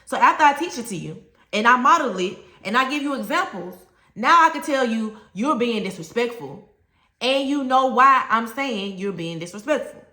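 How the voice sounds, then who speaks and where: A woman with a Southern US accent talks teachers through classroom respect in an emphatic, plain-spoken way. Her voice is bright and carries well. The room around her has a noticeable echo. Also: a little high, animated, normal speed. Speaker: teacher trainer. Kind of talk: teaching talk to camera.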